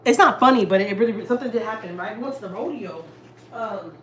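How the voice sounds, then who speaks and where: A young woman vlogger from Houston tells a long family story in a frank, profane way. She keeps slipping into what others said, voicing each line. Her voice sits at an ordinary middle pitch, and a faint hum of the room runs underneath. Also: quick pace. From Houston, Texas. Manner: profane, candid, quotes people in dialogue. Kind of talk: casual storytelling to viewers. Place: home kitchen.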